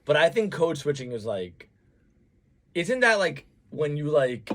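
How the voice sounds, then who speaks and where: A man's voice: a little high, sing-song, normal speed, fairly bright tone. A young man co-hosting a podcast in casual chat, laid-back and agreeable, who laughs easily. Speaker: podcast co-host.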